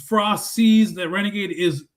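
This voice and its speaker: A man's voice: sits high, measured pace. A man calling a wrestling match as play-by-play commentator, rambling and joking with frequent self-corrections.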